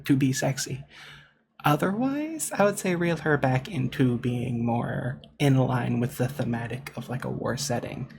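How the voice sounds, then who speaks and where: A gravelly voice with a lively pitch that rises and falls a lot, delivering an opinionated game critique at a desk mic. The speaker leans on repetition for emphasis and stumbles into quick self-corrections. Faint noise sits underneath. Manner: emphatic, repeats points for stress; self-correcting, with filler words. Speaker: VTuber game commentator.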